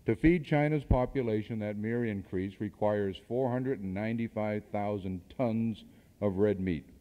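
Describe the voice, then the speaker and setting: A man's voice: lowish voice, moderate pace. A man giving a seminar talk to an audience, asking rhetorical questions and adding dry asides, on an old cassette recording made in a hall. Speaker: seminar speaker. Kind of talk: speech to an audience. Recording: dull archival cassette tape in a hall.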